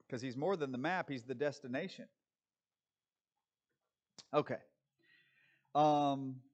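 A man preaching a sermon in a conversational, animated way, often acting out voices and restarting his sentences. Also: on the high side.

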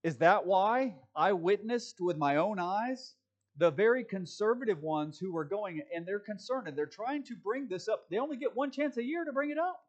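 Impassioned man with a higher voice. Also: animated, moderate pace, muffled recording. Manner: impassioned, sarcastic asides. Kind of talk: casual commentary.

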